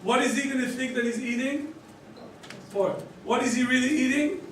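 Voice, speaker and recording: A rabbi with a fairly high voice leads a study session through stories, acting out each character's lines. He keeps asking his listeners to work out the answers. He is recorded from a distance in a very echoey indoor hall, with faint background noise. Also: moderate pace. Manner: animated storyteller who acts out the characters' quoted lines; quizzes listeners with questions and chuckles. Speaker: rabbi teaching a study group. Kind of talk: lecture told through story cases. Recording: very echoey room, voice from far off.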